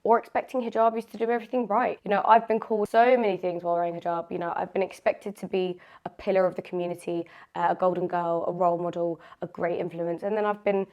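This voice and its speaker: A woman's voice: lowish voice, little pitch movement, quick pace, few pauses, darkish tone, muffled recording. A young woman vlogging casually, switching between earnest talk and silly jokes. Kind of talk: casual vlog chat.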